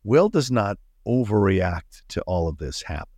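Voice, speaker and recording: A chatty man co-hosts a film podcast, his pitch swinging widely as he talks. The sound is dry and close-miked, with no echo around him. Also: very animated, normal speed, a little mellow. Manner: asks questions, chatty. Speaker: podcast co-host. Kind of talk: casual film discussion.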